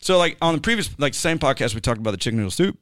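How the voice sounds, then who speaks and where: Very animated and very fast, a podcast host with a slightly high, fairly bright voice rambles through a casual chat packed with jokes and fillers. The recording is dry with clean studio sound.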